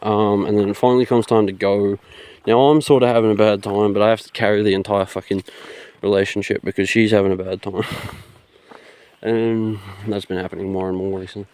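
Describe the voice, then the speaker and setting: Rambling young man, low mellow voice. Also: flat delivery, fairly quick, smooth. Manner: rambling, laughing, swearing freely. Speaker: vlogger. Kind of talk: casual storytelling. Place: outdoors. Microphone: phone.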